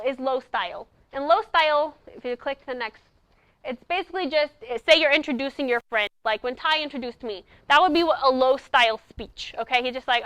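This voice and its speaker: A woman giving a lively speech-coaching talk to debate students at a conference, acting out her examples as she goes. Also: high voice, dry recording. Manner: animated, acts out examples. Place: conference presentation.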